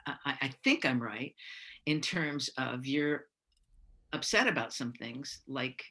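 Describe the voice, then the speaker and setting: A woman's voice: extremely low pitch, takes it slowly, bright, forceful tone, exaggerated voice. A woman improvising an evasive, overthinking computer scientist who rambles and trails off, on a live stage. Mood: defensive. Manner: rambling, trails off, many fillers. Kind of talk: live improvised romantic comedy scene. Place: theatre stage.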